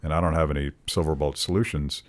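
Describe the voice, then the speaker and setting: A middle-aged man hosting an interview podcast, with a very low, deep voice. He talks in a measured, casual way, with plenty of fillers and soft nods of agreement. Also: steady tone. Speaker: podcast host.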